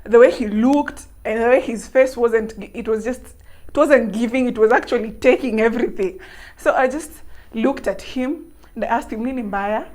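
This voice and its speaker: Animated Kenyan woman telling a story. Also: a little high, moderate pace. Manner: animated, laughing, mixing in local words. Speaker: vlogger. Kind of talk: casual storytelling to camera.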